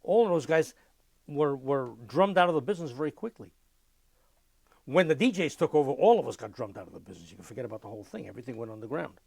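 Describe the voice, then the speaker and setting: An older man giving an oral history interview, telling lively anecdotes and mimicking music with his voice. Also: mid-range voice, fast, vocal fry, no room sound.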